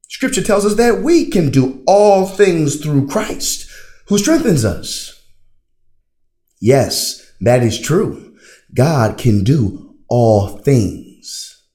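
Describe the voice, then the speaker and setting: A man's voice: on the high side, dark tone. A man teaching theology in a classroom style, putting rhetorical questions to his listeners and answering them himself. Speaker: religion teacher.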